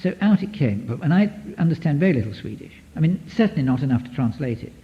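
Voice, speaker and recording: Male therapist lecturer, animated and rambling, on a dull archive recording. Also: fairly high pitch, quick pace. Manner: lively, digressive, many restarts, taps out rhythms. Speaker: psychotherapist giving a lecture. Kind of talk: lecture to an audience.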